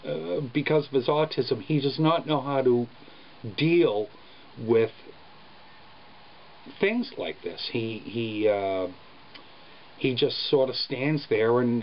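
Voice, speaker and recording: A man, a father, telling a story about his son in a casual vlog, speaking in an earnest, halting way. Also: medium pitch. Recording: dull lo-fi sound with faint background noise.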